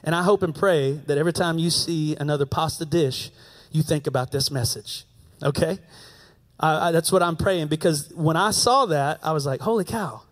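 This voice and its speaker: High-voiced American man preaching. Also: normal speed. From United States. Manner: storytelling, conversational, repeats key phrases. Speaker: pastor. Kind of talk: sermon.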